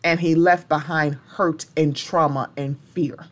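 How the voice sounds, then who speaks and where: A woman's voice: low-pitched, fairly even intonation, measured pace. Impassioned woman hosting a solo podcast. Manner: impassioned and blunt, with strong language. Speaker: podcast host.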